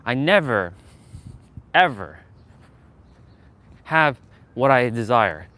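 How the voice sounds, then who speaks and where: Out on a street with his phone on a gimbal, a man live-streams and chats casually with viewers, laughing often. He speaks slowly and animatedly, pausing often, in a smooth, sharp-toned medium-pitched voice.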